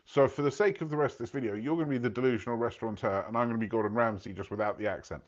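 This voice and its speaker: A man's voice: mid-range voice, racing, muffled recording. A man talking casually to his viewers, telling a story with many asides and asking if they follow. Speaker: host. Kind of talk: casual talk to camera.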